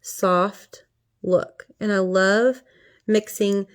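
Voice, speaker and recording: A woman's voice: medium pitch, fairly even intonation, extremely slow. A middle-aged woman talking viewers through a makeup tutorial in a chatty, playful way. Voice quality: chatty, playful, talks to viewers as she works. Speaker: makeup vlogger.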